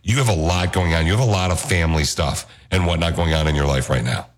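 A man co-hosting a show, chatting casually and teasing his co-host with jokes. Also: deep voice. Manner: joking, teasing, rapid talker. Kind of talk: casual banter.

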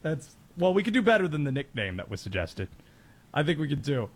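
A man hosting a sports talk show, chatty and excitable, laughing easily. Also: a little high, a little fast, husky. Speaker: sports radio host.

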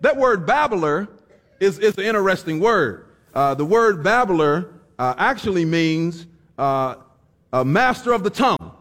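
A man preaching a sermon, folksy and fervent, breaking into shouted exhortations and wry stories. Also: sits high, very animated, unhurried. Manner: storytelling with folksy humor.

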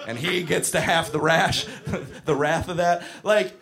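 A man doing a crude stand-up comedy set, ranting and shouting mock arguments. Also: on the high side, unhurried, creaky.

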